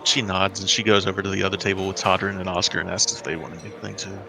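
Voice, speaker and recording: A man narrating as dungeon master, relaxed and full of fillers. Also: low-pitched, rapid-fire, vocal fry. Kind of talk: narrating a tabletop game.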